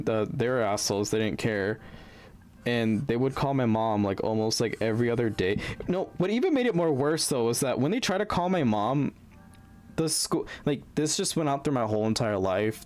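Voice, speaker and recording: A young man streaming, telling a bitter story in a rambling, heavily profane way, full of fillers and restarts. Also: mid-range voice. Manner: bitter, venting. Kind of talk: casual storytelling on a livestream.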